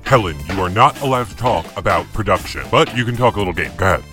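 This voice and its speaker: A man's voice: fairly low pitch, expressive, fast, voice pushed down, natural voice. A man voicing a bossy, mocking male overseer who barks orders and commands people to dance. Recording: faint music underneath.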